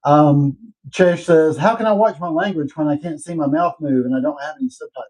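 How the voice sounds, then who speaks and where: A man's voice: a little high, brisk, darkish tone, poor audio. A man hosting a casual show, chatting and reading viewer comments aloud, laughing easily. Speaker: host.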